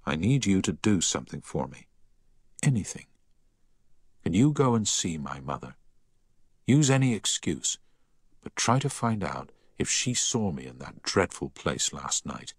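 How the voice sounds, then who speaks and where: A man voicing a quiet, troubled teenage boy in an audiobook, speaking low and intense. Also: sing-song, a little slow, long pauses, breathy edge, no echo, studio quality, heavily acted. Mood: quiet, urgent. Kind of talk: audiobook character voice.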